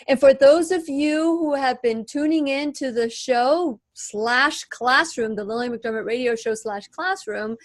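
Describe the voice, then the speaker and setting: Lady radio host, high voice, earnest and emphatic, dry close sound. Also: a little slow, few pauses, no room sound. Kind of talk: warm radio show chat.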